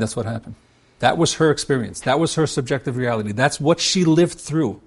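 Husky-voiced man counseling couples. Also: fairly high pitch, darkish tone. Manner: repeats words, acts out both spouses' lines. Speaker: marriage counselor. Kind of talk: teaching talk with acted-out examples.

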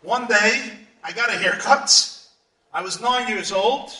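A man preaching as a rabbi, telling stories with sudden shouts and hushed asides. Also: sits high, takes it slowly. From United States. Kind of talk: sermon. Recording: echoey room, far from mic.

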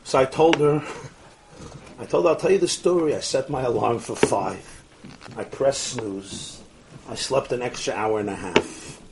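A man giving an animated storytelling sermon, acting out the dialogue and often laughing. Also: mid-range voice, measured pace, noisy background. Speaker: rabbi lecturing.

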